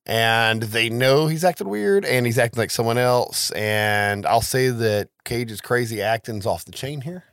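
A man's voice: medium pitch, measured pace, hardly any pauses, fairly bright tone, dry recording. Casual man recapping a movie. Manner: loose, profane storytelling with many "like"s. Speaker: podcast co-host recapping a film. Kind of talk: casual chat.

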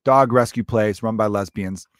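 A man's voice: on the low side, normal speed, dry recording, studio quality. A man in his thirties hosting a comedy podcast, telling a loose, profane, jokey story.

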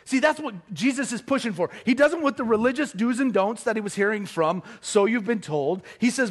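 A middle-aged male pastor preaching a sermon, telling stories with quick, self-deprecating humor and lively asides. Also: high-pitched. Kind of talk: sermon with storytelling.

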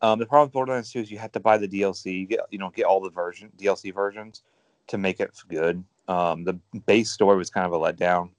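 Low-voiced man, dry close sound. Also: steady tone, fast talker, no echo. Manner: rambling, enthusiastic gamer talk with many fillers. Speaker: podcast co-host. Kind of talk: casual chat.

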